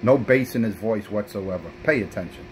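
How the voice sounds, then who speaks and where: A man's voice: on the low side, moderate pace, noisy background. A man, trash-talking rivals as a brash, profane CB radio operator. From South Bronx, New York.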